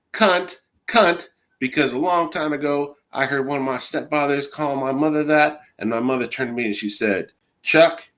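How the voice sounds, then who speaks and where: A man's voice: a little high, fairly bright tone. Angry profane man in his forties ranting. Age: 40s. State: has a cold. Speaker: streamer. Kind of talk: ranting monologue to camera.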